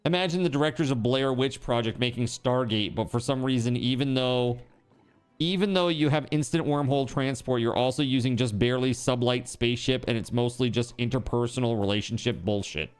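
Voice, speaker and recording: A man's voice: medium pitch, a little fast, clear, resonant tone, faint music behind. A man streaming live, chatting casually, rambling and joking, with swearing.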